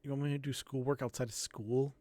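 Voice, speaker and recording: A man voicing a shy young boy who loves spiders, talking softly and hesitantly with many stammers. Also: mid-range voice, flat delivery, brisk, no echo, close to an everyday voice.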